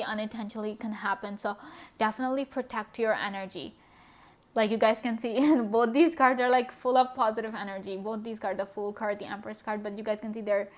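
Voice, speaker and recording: A woman giving a pick-a-card tarot reading in a chatty, gushing way, with many fillers and small laughs. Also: medium pitch. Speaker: tarot reader.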